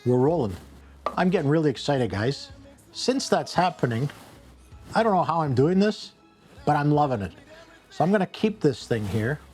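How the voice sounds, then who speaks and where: A man hosting a casual cooking vlog from a home kitchen, rambling and joking at his own expense, with sudden excited bursts. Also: on the high side, moderate pace, pauses often, faint music behind. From Canada.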